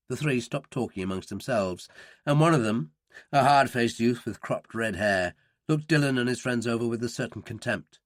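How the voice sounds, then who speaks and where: A man's voice: moderate pace, no room sound, studio quality. A man reading a thriller audiobook aloud, voicing the characters in turn. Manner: reads character voices with lively pitch. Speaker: audiobook narrator. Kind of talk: scripted audiobook narration.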